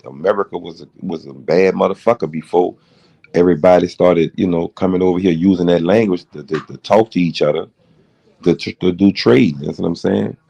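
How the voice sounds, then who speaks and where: A middle-aged man rants through a late-night livestream, his voice deep and dark. He rambles from one point to the next and swears freely as he tells his story. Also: a little fast, gravelly, husky, lo-fi sound. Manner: rambling, profane, heated storytelling. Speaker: livestream host.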